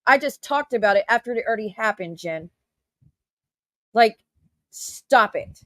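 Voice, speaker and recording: A woman's voice: a little high, expressive, measured pace, no room sound. A woman commentator ranting in her own defense, firing rhetorical questions and swearing. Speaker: YouTube commentator. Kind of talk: heated reaction rant.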